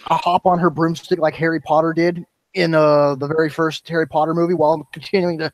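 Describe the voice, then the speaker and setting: A man's voice: a little high, level tone, fast. A young man playing a tabletop game, hesitant at first, then describing his moves vividly. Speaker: player.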